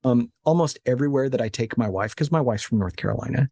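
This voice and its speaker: In a casual interview, a late-thirties man from Alabama tells animated, joking stories from his office, restarting often. His voice is mid-range and he talks fast, with no room sound.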